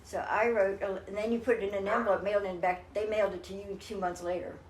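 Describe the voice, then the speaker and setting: An older woman recounts her own story as an interview guest, in an earnest, meandering way that often restarts her sentences. Her voice sits in the middle of the usual pitch for a woman. The room around her gives the recording a noticeable echo. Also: fairly even intonation, fast, a little hiss or hum. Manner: earnest, rambling, with many restarts. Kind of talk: personal storytelling in a casual interview. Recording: roomy echo.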